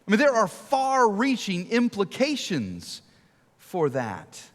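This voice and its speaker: A middle-aged man preaching a sermon to a church, telling stories and asking rhetorical questions, sometimes dropping to a hush for emphasis. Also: high-pitched, wildly swooping pitch, slow. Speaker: guest preacher. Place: large church auditorium. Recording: long reverb of a large hall.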